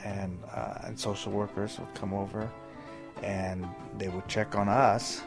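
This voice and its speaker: An older man telling an emotional story about caring for his mother, animated and acting out the voices he quotes. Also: fairly low pitch, unhurried, vocal fry, music in the background. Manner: animated, imitates voices when quoting.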